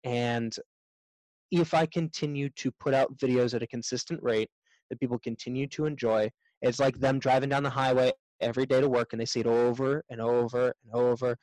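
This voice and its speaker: A man's voice: mid-range voice, steady tone, a little fast, darkish tone, no echo, poor audio. A man, a self-defense instructor, speaking as a guest in a casual interview, thoughtful and a bit rambling.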